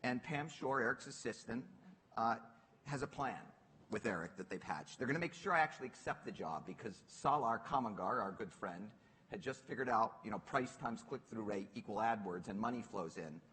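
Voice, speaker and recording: A middle-aged man on stage telling a lively, self-mocking story and laughing through his lines. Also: on the low side, fairly quick, slightly rough, in a large hall. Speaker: panel guest. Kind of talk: animated onstage storytelling. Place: stage at a public talk.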